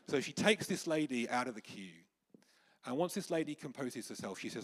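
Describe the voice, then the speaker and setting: A man preaching a sermon in church, telling stories with animated quoted voices. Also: medium pitch, fairly quick. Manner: anecdotal storytelling with lively acted quotes. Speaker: pastor. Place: church hall with congregation.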